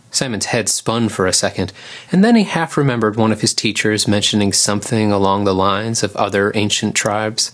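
A man narrating an animal story in a calm, measured audiobook style. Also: lowish voice.

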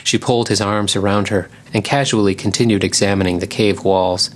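A man narrating an animal story in a calm, measured audiobook style. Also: lowish voice.

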